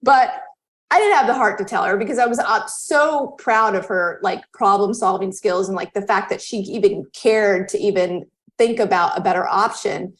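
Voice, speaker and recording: Woman, thirties, podcast guest, chatty storytelling, lively pitch leaps when quoting people. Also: moderate pace. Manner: animated, acts out quoted dialogue with pitch jumps. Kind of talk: casual storytelling in an interview.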